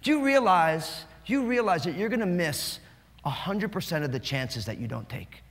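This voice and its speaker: A pastor from New Jersey preaching a sermon with fast, animated, joking delivery. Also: male voice, high voice. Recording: long hall reverb.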